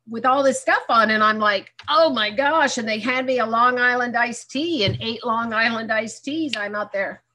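A woman's voice: a little high, bright, forceful tone, a little hiss or hum. A woman speaking at a recovery meeting, telling her own story frankly and acting out remembered dialogue with self-mocking humor. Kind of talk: candid personal testimony.

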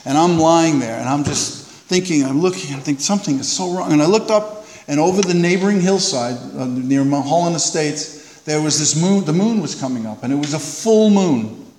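A man speaking to a live audience, telling a personal recovery story in an animated way and acting out the voices of the people in it. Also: a little high, moderate pace. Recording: reverberant hall.

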